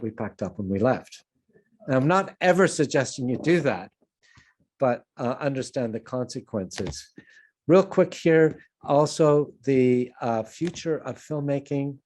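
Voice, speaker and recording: A man's voice: mid-range voice, a little mellow. An older man from Canada giving an online conference talk on filmmaking, telling anecdotes in a digressive, self-deprecating way over a video call. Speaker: film producer and lecturer.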